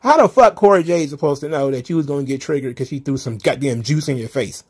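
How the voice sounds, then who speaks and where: A man's voice: a little high, quick pace, darkish tone, husky. A man hosting a solo recap show, ranting in an exasperated, profane, casual way. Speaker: wrestling commentary host.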